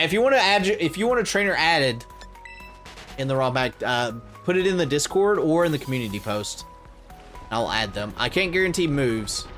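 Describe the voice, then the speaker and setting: A man chatting casually on a game stream, thinking aloud with lots of fillers and letting his phrases trail off quietly. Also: on the high side. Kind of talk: casual gaming livestream chat.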